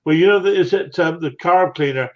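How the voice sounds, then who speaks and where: On a muffled recording, a West Country Englishman in his late sixties hosts a relaxed chat, speaking fairly quickly in a slightly high voice. His manner is blunt and talkative, punctuated by frequent chuckles.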